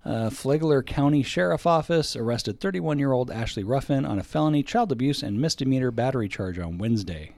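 A man's voice: medium pitch, expressive, a little fast, hardly any pauses, darkish tone, no echo. A man co-hosting a podcast, reading news items in casual chat with a wry, profane manner. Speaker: podcast co-host.

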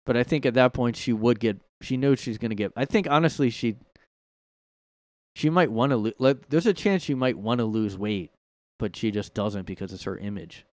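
A man's voice: medium pitch, moderate pace, darkish tone, no room sound. A man hosting a solo podcast from his room, rambling sarcastically with lots of filler words. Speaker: podcast host. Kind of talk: casual solo commentary.

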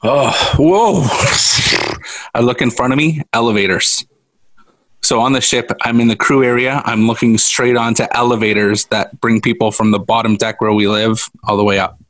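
A man's voice: mid-range voice, steady tone, moderate pace, fairly bright tone, no echo. A middle-aged man co-hosting a podcast, telling a story casually and laughing often. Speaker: podcast co-host. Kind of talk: casual chat.

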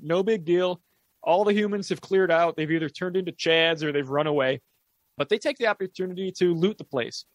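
A man co-hosting a podcast, recapping a horror movie plot in a relaxed, profane storytelling way. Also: sits high, brisk, dry recording. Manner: relaxed storytelling, swears casually. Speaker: podcast co-host. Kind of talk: casual movie recap chat.

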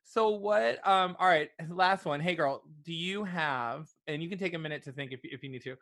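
Bright-voiced chatty male podcast host. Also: high-pitched, lively intonation, brisk, creaky, no room sound. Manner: chatty, stammering restarts, laughs often. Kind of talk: casual interview chat.

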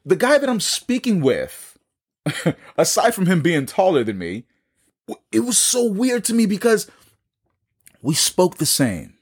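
A man's voice: high-pitched, huge pitch swings, unhurried, pauses often, husky. A man with a New York accent telling his own story in a casual podcast conversation, acting out the dialogue and repeating words as he goes.

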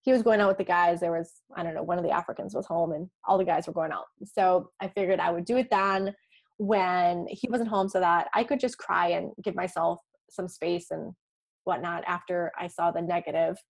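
A woman guest in an interview, telling a personal story in a casual, animated way, acting out her own past dialogue with light laughs along the way. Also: on the low side, normal speed, vocal fry. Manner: frequent light laughs and restarts.

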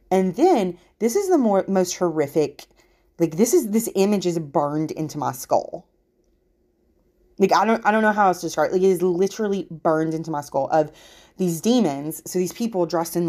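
Woman, low-pitched voice, therapist hosting a podcast, casual monologue, candid, emphatic, swears freely. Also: dark tone. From Kentucky.

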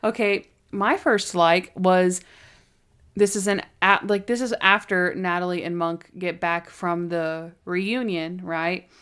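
A woman co-hosting a casual podcast chat, recapping an episode and acting out quotes in lively voices. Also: on the low side, slow, clean tone. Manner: animated, acts out quotes in varied voices. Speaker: podcast co-host.

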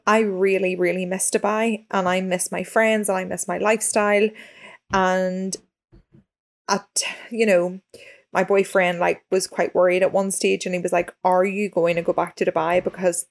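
A woman's voice: mid-range voice, little pitch movement, moderate pace. Earnest woman podcast host. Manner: earnest, reflective, emphatic. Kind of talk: casual chat.

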